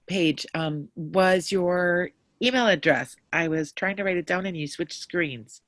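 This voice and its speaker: Man asking a quick webinar question. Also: high voice, fairly bright tone. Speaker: webinar attendee. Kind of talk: online Q&A.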